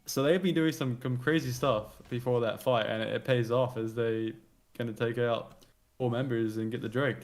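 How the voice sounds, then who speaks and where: A man's voice: mid-range voice, moderate pace. Male colour caster, everyday middle voice, easygoing and conversational. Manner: relaxed, chatty, self-correcting. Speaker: esports color commentator. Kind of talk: casual co-commentary.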